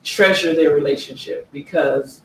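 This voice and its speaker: A woman author presenting her own book, reading passages aloud slowly and earnestly and checking in with listeners with "okay?". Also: sits low. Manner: earnest, slow emphatic reading, frequent "okay?" check-ins. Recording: echoey room, distant mic, faint background noise.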